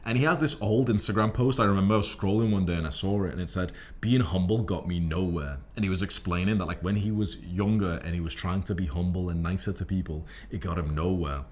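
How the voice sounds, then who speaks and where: A man's voice: sits low, quick pace, hardly any pauses. Brash swearing Liverpool man. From England. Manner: brash, swears constantly, emphatic. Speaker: self-improvement creator. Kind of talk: profane motivational monologue to camera.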